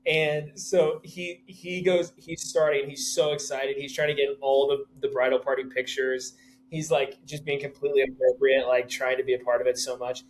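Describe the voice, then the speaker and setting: A man co-hosting a podcast who tells excited, rambling anecdotes in a casual chat. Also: mid-range voice, normal speed, slight background noise. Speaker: podcast co-host.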